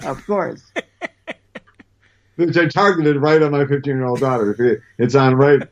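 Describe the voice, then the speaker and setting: Here the same kind of guest, a middle-aged comic book writer, chats casually and recounts stories with animation, frequently stumbling and starting over. His voice sits in the mid-range and he takes things slowly, all captured in dull, lo-fi audio.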